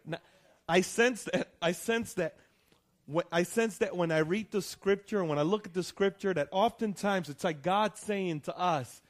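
A man's voice: fairly high pitch, normal speed. A man, a pastor, preaching a conversational sermon, checking in with the congregation and rising to emphatic peaks.

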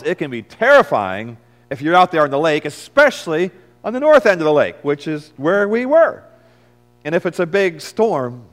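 A man's voice: medium pitch, lightly acted. A preacher as an earnest fisherman disciple. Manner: storytelling, swinging between hushed and loud. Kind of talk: first-person dramatic sermon monologue. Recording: long reverb of a large hall.

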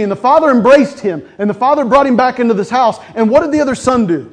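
A middle-aged man preaches a sermon in a high, light voice. He speaks conversationally, slipping in jokes and acted-out quotes. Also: expressive, quick pace, few pauses. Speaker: pastor.

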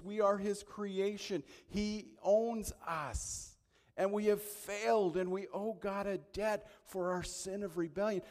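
A man preaching a sermon, moving between soft asides and loud, emphatic peaks. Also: high voice. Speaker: pastor. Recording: long hall reverb.

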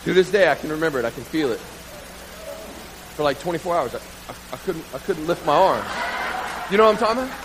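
A man preaching a sermon through a comic, self-mocking story, animated and building to loud bursts. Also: fairly high pitch, quick pace, long pauses, background noise.

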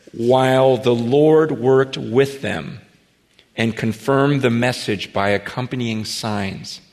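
A man preaching a sermon, telling stories with animation, swinging from hushed asides to near shouts. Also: medium pitch. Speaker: pastor. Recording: long hall reverb.

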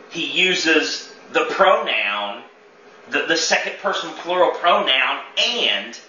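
Give me a bright-voiced man teaching a church group in an echoey room, miked from afar. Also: fairly high pitch, slight background noise. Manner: conversational, quizzes the room, repeats words as he thinks. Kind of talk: interactive teaching talk. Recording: echoey dull room sound from far off.

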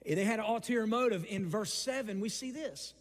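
A man preaching a sermon with animated swings from loud to quiet, acting out the quotes. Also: high-pitched, a little fast. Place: church hall. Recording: hall with long reverb.

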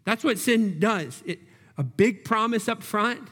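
Pastor, male, high voice, driving sermon delivery with repeated words and questions to the room, long hall reverb. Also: lively intonation, a little slow, fairly bright tone. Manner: emphatic, repeats key words, asks the congregation questions.

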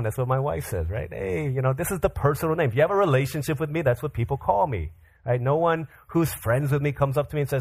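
A man preaches to a young crowd, mixing scripture with playful stories. He acts out the people in his stories in voices that jump high and low, and his own voice sits a little high. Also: animated, fast talker, vocal fry. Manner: playful storytelling with acted voices. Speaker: pastor. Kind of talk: sermon to a youth audience.

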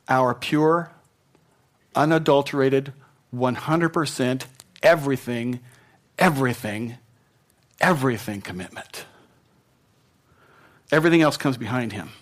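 Conversational man preaching a sermon. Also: mid-range voice. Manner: conversational, repeats words, checks in with "right?". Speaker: pastor.

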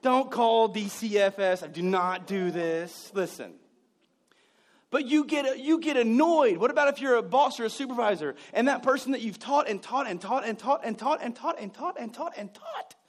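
A man's voice: very high voice, normal speed. A man preaching a sermon, telling stories with mimicked voices and joking, sarcastic asides. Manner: jokey, sarcastic humor. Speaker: pastor.

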